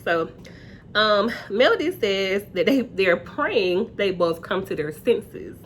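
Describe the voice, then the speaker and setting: Animated woman recapping a reality show. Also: takes it slowly, slight background noise. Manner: chatty, animated, acts out quotes in high voices. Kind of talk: casual episode recap.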